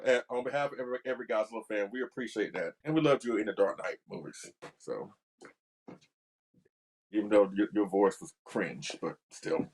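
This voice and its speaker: A man's voice: fairly low pitch, brisk, a little mellow. A man co-hosting a casual podcast, talking enthusiastically with lots of "you know" and "like". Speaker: podcast co-host. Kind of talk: casual chat.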